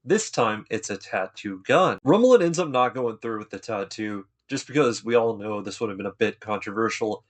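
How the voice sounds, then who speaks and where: A man's voice: lowish voice, lively intonation, moderate pace, few pauses. A man giving a casual, enthusiastic recap of an anime episode, retelling scenes in laid-back, slangy talk.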